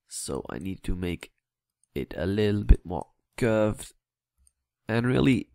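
A man's voice: fairly low pitch, a little mellow, no echo, clean studio sound. A man giving casual, rambling commentary while building in a game, muttering at himself between explanations. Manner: rambling, chatty, mutters at himself with filler words; plays with a vague put-on accent.

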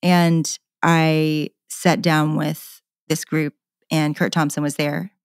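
A woman's voice: sits low, level tone, slow pace, clean tone, no echo, studio quality. A middle-aged woman, a podcast guest, candidly telling a personal story in an earnest, passionate way and often repeating words.

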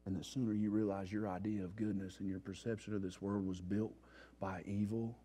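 A man's voice: on the low side, fairly quick, breathy edge, faint music behind. Slangy man preaching his testimony in church. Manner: slangy, street-talking storyteller; animated, acts out his own past panic. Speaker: testimony speaker at a recovery revival. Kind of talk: sermon-style testimony.

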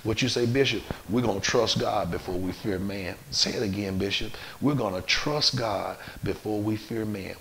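A man preaching a sermon as pastor, calling out to his listeners and building to loud emphatic peaks. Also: mid-range voice, rough recording.

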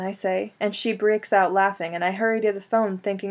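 Woman reading an audiobook, wry and chatty, plain middle pitch. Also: fairly even intonation, a little fast, hardly any pauses. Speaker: audiobook reader. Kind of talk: first-person audiobook narration.

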